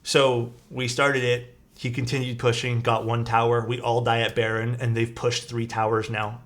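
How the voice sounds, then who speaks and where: His mid-range, fairly bright voice barely moves in pitch and keeps a moderate pace. The young streamer rambles through a chatty story at his desk as he builds a keyboard, heavy on "like" with some swearing, faint music playing.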